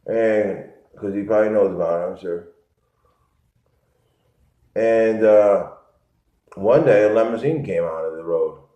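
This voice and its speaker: Low voiced guy from connecticut rambling on and on, muffled lo-fi sound. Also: measured pace, long pauses, mellow. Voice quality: rambling, repetitive, low-key storytelling. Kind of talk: rambling monologue. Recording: echoey, muffled lo-fi room sound.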